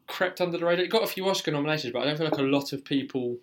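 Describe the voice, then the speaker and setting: A man's voice: fairly high pitch, very fast. A man co-hosting a casual film podcast, chatty and casually swearing. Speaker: podcast co-host.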